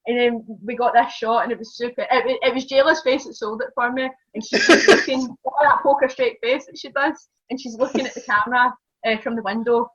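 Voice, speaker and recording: A woman's voice: a little high, brisk, hardly any pauses, slightly rough. A woman with a Scottish accent, a wrestler telling road stories in a casual interview, laughing often. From Scotland. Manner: animated, laughing, many fillers. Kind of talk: casual storytelling. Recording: dull lo-fi sound.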